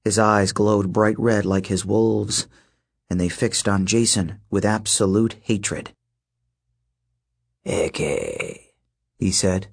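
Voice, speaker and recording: A man narrating an audiobook in a steady, measured storytelling voice. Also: fairly low pitch, vocal fry, slightly rough. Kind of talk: scripted narration.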